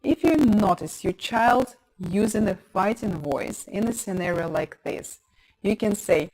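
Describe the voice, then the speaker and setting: A woman who is a parenting instructor, narrating a course in a calm, explanatory way and stressing key points. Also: mid-range voice, unhurried, low-quality recording.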